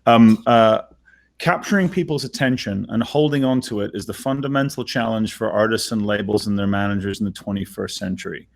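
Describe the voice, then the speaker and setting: A man's voice: on the low side, fairly quick, vocal fry. A man hosting an interview, asking questions hesitantly with many fillers. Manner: hesitant, many ums and restarts. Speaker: interview host.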